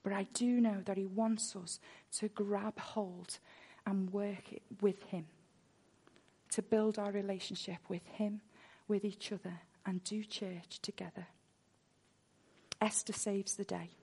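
A woman's voice: medium pitch, steady tone, takes it slowly, creaky, mellow, breathy edge. Earnest woman preaching. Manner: earnest, repeats words when worked up. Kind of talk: sermon with personal testimony.

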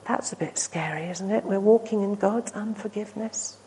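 A woman preaching a sermon, earnest and storytelling, swinging from emphatic peaks to hushed, near-whispered asides. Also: medium pitch, moderate pace, a little hiss or hum, low-quality recording. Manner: earnest, rising to emphatic then dropping to hushed.

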